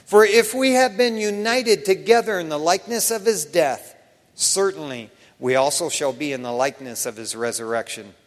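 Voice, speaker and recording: A high-voiced man preaches to his church in a folksy, animated way, laughing at his own stories. His voice rings out with the long reverb of a big hall. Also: moderate pace. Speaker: pastor. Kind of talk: sermon.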